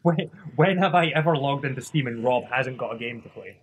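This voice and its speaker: A man's voice: medium pitch, a little fast, slight background noise. A man, a guest in a casual gaming chat, making crude jokes. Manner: crude, joking.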